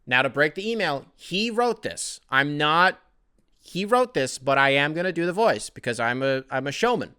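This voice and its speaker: A man's voice: fairly high pitch, animated, moderate pace, bright, forceful tone, smooth, no room sound, clean studio sound. A man putting on an impression of a pompous, outraged male TV pundit who rants theatrically. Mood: showy. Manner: indignant, theatrical, ranting.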